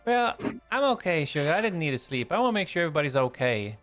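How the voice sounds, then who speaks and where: A man voicing a caring, folksy young woman who keeps watch over the group and chats warmly. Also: on the high side, very animated, quick pace, soft background music, pitched above the performer's own voice. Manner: warm, chatty, calls people sugar, says y'all.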